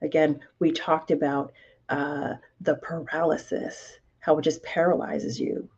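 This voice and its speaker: A woman hosting a self-help podcast as a life coach, speaking deliberately and emphatically and repeating key phrases. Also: low voice, flat delivery, darkish tone, breathy edge, muffled recording. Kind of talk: motivational self-help talk.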